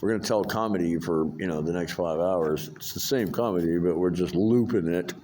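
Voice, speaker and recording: A man's voice: low voice, brisk, a little mellow, a little hiss or hum. An older man talks in a rambling, profane vlog monologue, full of fillers and restarts. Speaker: vlogger.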